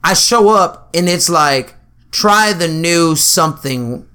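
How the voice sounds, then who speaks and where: Bright-voiced young man telling profane stories. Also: fairly high pitch, slow, clear, resonant tone. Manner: profane, animated storyteller, acts out quotes. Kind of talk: casual chat.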